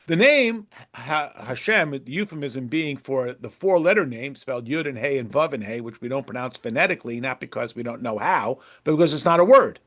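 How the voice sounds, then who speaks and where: A man's voice: mid-range voice, lively intonation, fairly quick, few pauses, fairly bright tone. A man teaching a religious text to a class, acting out imagined dialogues and repeating words for emphasis. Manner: acts out imagined dialogues with shifting voices. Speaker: Torah teacher. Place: classroom with a board.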